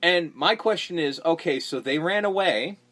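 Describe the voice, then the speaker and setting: A man's voice: on the high side, moderate pace, a bit bright. A man casually recapping a horror movie on a podcast, swearing freely and acting out the characters' lines. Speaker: podcast host.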